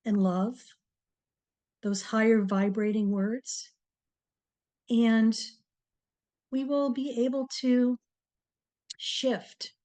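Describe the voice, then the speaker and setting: A woman hosting a TV talk, giving a slow, encouraging motivational talk to viewers with many pauses. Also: medium pitch. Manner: slow, pausing, soft-spoken and encouraging. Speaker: TV show host, speaker on word power.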